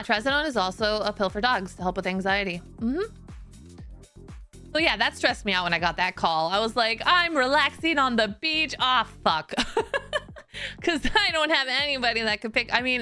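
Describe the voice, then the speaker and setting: Bright-voiced woman chatting casually on stream. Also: fairly high pitch, very animated, brisk, soft background music. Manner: chatty and storytelling, laughs often, many "like" fillers. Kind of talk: casual chat.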